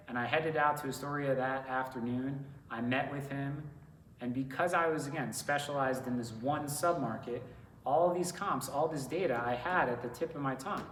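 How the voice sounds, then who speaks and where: A man's voice: mid-range voice, moderate pace, a bit bright. A man speaking as a sales director to students, telling stories in a casual, conversational way full of filler words. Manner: conversational, many fillers like "like" and "you know". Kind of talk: casual storytelling talk to students. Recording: roomy and distant with faint noise.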